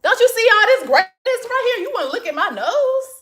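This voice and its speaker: A woman's voice: extremely high pitch, very animated, fairly quick, noisy background. A woman hosting a casual livestream from her phone, reading comments and answering in a sassy manner, calling everyone honey. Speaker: livestream host.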